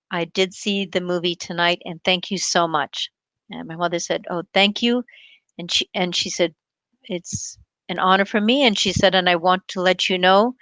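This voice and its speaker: A woman's voice: medium pitch, fairly bright tone, no room sound. A woman in a mid-range voice tells a heartfelt personal story straight to her viewers, earnest and sincere, acting out the lines of the people in it. The sound is dry and close, with no room around it. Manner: earnest and heartfelt, retells quoted dialogue. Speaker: show host and doctor.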